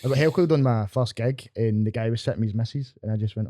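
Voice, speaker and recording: A Scottish man talks at a brisk clip, swearing freely and spinning crude stories in loose podcast banter. His voice sounds dry and close, with little room around it. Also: medium pitch, dark tone, no echo. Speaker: stand-up comedian, podcast guest. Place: podcast studio.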